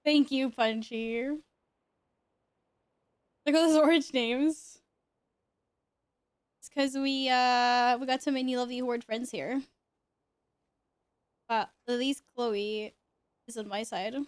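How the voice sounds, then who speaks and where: A woman's voice: on the high side, steady tone, slow, pauses often, no echo. A woman live streaming, chatting casually and playfully while gaming, teasing viewers and laughing often. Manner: chatty, greets viewers and jokes with them.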